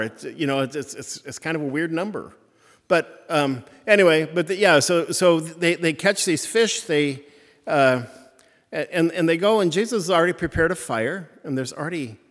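A man preaching a conversational sermon, halting and restarting often as he retells a story. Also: a little high. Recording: reverberant hall.

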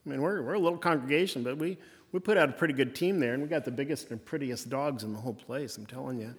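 Folksy pastor in a reverberant church. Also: male voice, mid-range voice, fast talker, breathy edge. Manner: folksy, repeating refrains. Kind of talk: conversational sermon.

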